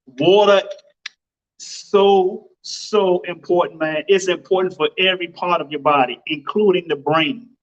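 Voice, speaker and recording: Man, podcast host, high voice, emphatic casual talk, slightly dull lo-fi sound. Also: measured pace. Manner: animated, emphatic, exclaiming. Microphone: home computer setup microphone.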